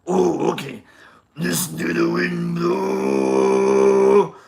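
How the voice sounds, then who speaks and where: A man voicing a gruff furry male monster, singing slowly in a gravelly growl. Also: sits high, background noise, full character voice. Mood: growling ballad. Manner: slow, drawn-out crooning.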